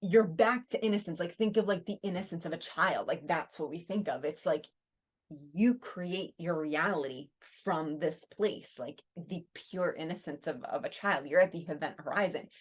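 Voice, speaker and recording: Animated woman podcast host. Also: fairly low pitch, moderate pace, breathy edge. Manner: animated, heavy use of "like", frequent restarts. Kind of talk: casual conversational storytelling.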